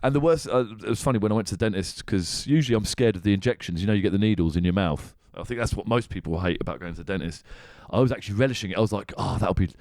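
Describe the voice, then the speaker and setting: A man's voice: lowish voice, very fast, hardly any pauses, darkish tone, no room sound, clean studio sound. A man hosting a podcast, telling a story in casual chat, laughing often and swearing. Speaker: podcast host.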